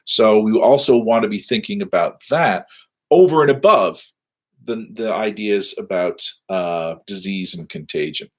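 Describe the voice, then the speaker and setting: Chatty, rambling male lecturer, lowish voice. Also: a little slow. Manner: rambling, self-deprecating, chatty with many fillers. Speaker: university lecturer. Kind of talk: casual live-streamed lecture. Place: his office, seated.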